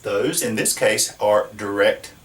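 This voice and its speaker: A man's voice: fairly low pitch, slow pace, fairly bright tone. A man teaching a grammar lesson at a whiteboard, explaining patiently and asking his students questions. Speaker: Spanish teacher. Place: classroom. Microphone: camera across the room. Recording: echoey room from a distance.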